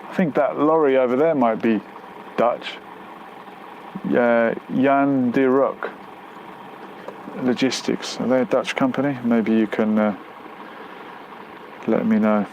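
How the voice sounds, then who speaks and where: A man's voice: mid-range voice, steady tone, slow pace, pauses often, a little mellow, dull audio, a little hiss or hum. A man hosting a casual live stream outdoors near a road, reading out viewer comments and musing aloud with lots of fillers. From United Kingdom.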